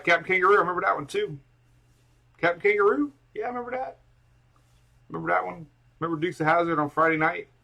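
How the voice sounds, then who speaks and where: Husky-voiced man chatting on a live stream. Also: a little high, bright, forceful tone. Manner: rambling and chatty, talks to his dogs and viewers. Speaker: weather forecaster hosting a live stream. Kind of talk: casual live stream chat.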